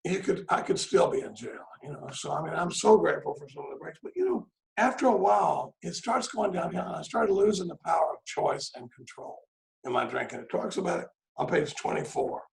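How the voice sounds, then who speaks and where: Gravelly Texan man telling recovery stories. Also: high voice, low-quality recording. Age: middle-aged. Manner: humorous, folksy, self-deprecating. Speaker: AA speaker. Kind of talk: storytelling recovery talk. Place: home, on a video call. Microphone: video call mic.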